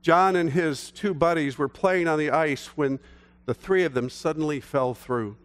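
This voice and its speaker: A man's voice: on the high side, a little slow. Man preaching in a reverberant church. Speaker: pastor. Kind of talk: sermon. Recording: long hall reverb.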